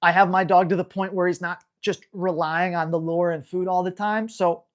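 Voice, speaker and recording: A woman's voice: lowish voice, fairly even intonation. Blunt, slangy woman dog trainer. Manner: brisk, slangy and blunt, acting out sharp corrections to a dog. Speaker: dog trainer answering viewer questions. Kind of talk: live Q&A, casual coaching.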